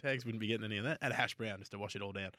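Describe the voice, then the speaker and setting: An Australian man co-hosting a racing radio show, quick and jokey. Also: lowish voice, sharp tone, no room sound, clean studio sound. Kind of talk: casual radio banter. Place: radio studio.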